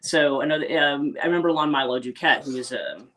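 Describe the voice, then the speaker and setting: A woman's voice: sits low, a little fast, a bit bright. Woman coach, casual rambling livestream chat, lots of restarts. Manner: rambling and chatty, many restarts, acts out quoted voices. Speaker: spiritual life coach hosting a livestream. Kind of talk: casual unscripted livestream talk.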